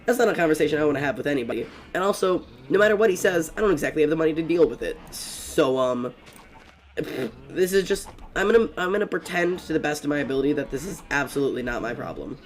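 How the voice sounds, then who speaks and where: A young man streaming a game, telling stories in a fast, rambling, excitable way, swearing often. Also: a little high. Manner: excitable and profane, fast rambling storytelling with many fillers. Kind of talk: casual gaming stream chat.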